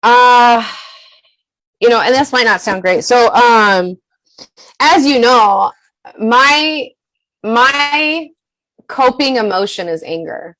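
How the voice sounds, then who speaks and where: A high-pitched woman whose voice swings widely up and down as she talks. She speaks candidly as a podcast guest, animated and emphatic, swearing freely and laughing often. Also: slow pace, long pauses, rough recording.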